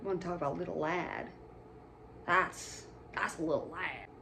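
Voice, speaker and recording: A woman with a fairly low voice talks through a film in a loose, chatty way, gushing and cracking jokes. A faint hiss sits under her voice. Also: fairly even intonation, a little slow, creaky, pushed and bright. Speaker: movie reviewer. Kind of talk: casual movie commentary.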